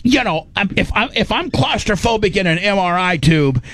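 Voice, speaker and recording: A middle-aged man hosting a radio show, telling a story in casual chat. He talks in an animated, rambling way, with restarts and fillers, and acts out his own inner voice. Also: high voice, normal speed, no echo.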